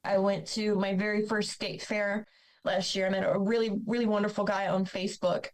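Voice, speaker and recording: A woman's voice: medium pitch, flat delivery, normal speed, low-quality recording. Podcast guest, woman from Ohio, young adult, candid storyteller who acts out remembered conversations. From Ohio, USA. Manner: earnest, acts out quoted dialogue.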